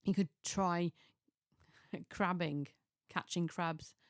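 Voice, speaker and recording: A middle-aged woman chats in a relaxed, rambling way, doubling back on herself and chuckling at her own asides. Her voice sits slightly low. The recording is dry and close, with no room sound. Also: extremely slow, no room sound. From Chester, England. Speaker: lifestyle vlogger. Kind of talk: casual chatty monologue.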